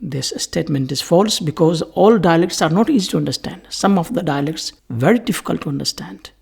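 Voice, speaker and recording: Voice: mid-range voice, a little fast, gravelly, breathy edge. A lecturer giving a recorded English lesson, explaining steadily and restating each point as a list of near-synonyms. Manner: steady, explanatory teaching delivery.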